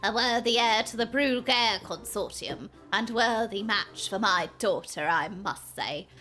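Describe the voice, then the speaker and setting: A woman voicing a stuffy older male merchant, a pompous father, speaking slowly and gruffly in a low voice, as she reads game dialogue aloud. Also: sharp tone, faint music behind.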